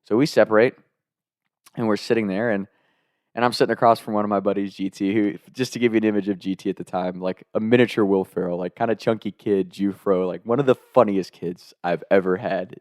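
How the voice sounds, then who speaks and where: Animated young man telling a story. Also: on the low side, brisk, no echo, clean studio sound. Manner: animated, acts out quotes with sudden loud outbursts. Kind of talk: casual storytelling.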